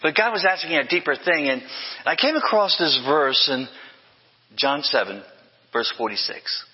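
A man's voice: fairly high pitch, lively intonation, moderate pace, husky, long reverb tail, lo-fi sound. An older man preaching a sermon as pastor, emphatic, with repeated refrains and self-corrections.

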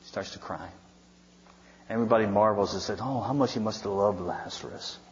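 A man's voice: on the low side, brisk, slight background noise. A male pastor preaching a sermon, retelling scripture in a conversational, storytelling way with wry asides. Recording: dull sound with long hall reverb.

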